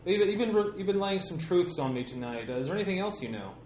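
A man's voice: high voice, lively intonation, fast, darkish tone. A man playing a character in a tabletop horror game, talking casually and hesitantly. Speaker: player. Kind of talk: casual tabletop role-play. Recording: echoey room, faint hiss.

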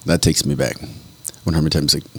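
A man's voice: very deep voice, fairly even intonation, fast, slightly rough, no room sound. A man hosting a morning radio show, bantering casually and reading out listener messages. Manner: jokey, reads listener messages aloud.

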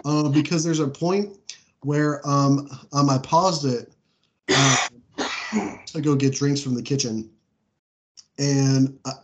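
A man's voice: on the high side, darkish tone. Rambling, chatty male podcast co-host. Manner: rambling, full of "like" fillers, laughs often. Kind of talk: casual chat.

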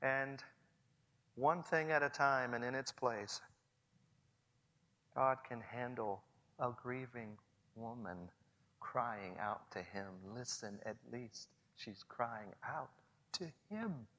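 A man in his forties preaching a sermon earnestly, swinging between hushed and loud passages. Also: mid-range voice, takes it slowly, pauses often. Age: 40s. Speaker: pastor. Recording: long hall reverb.

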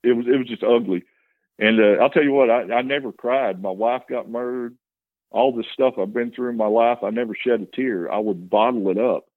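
A man's voice: medium pitch, fairly quick, no room sound. A man giving a candid, plain-spoken personal testimony as an interview guest. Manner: plain-spoken storytelling with earnest emotion. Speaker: guest telling his testimony. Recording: tinny phone-like line, dry.

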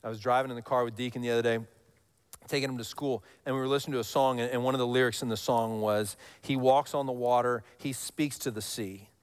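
A man in his thirties preaching a sermon, telling stories with animated highs and dropping to a hush for scripture lines. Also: quick pace, clear, resonant tone. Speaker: pastor.

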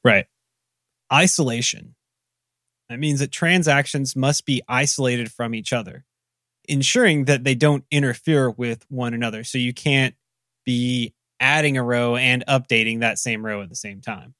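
A man's voice: mid-range voice, normal speed, pushed and bright, no echo, studio quality. A man with a Southern US accent, co-hosting a casual technical talk with self-deprecating, rambling asides. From American South. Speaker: podcast co-host.

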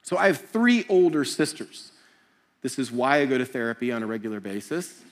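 A middle-aged man preaching a sermon, telling jokey stories and acting out quick voices. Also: medium pitch. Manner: animated, jokey storytelling with acted-out voices. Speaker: pastor.

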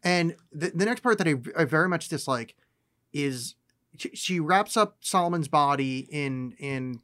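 A man co-hosting a podcast, chatting casually about a film, animated and ranting, with frequent swearing. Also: a little high, measured pace. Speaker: podcast co-host. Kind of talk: casual film-review chat.

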